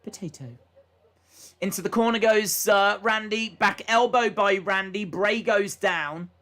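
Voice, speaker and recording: A man's voice: high voice, steady tone, a little slow, sharp tone. A young man livestreaming a watch-along, calling wrestling moves and reading viewer chat in a casual way, full of "uh" fillers. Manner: casual, frequent "uh" fillers, reads chat aloud. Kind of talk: live play-by-play wrestling commentary.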